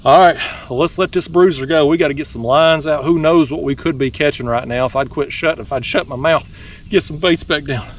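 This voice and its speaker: A man, hosting a fishing vlog from a kayak outdoors, talking in a folksy, excitable way and laughing often. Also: fairly high pitch, fairly quick, far from the mic, a little hiss or hum. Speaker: fishing channel host.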